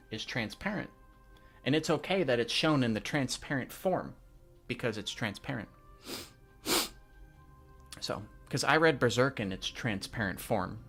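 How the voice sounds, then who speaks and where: Slow, lively-pitched young man reacting. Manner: laughing, swearing, slangy. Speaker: manga reaction reader. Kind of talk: casual reaction reading.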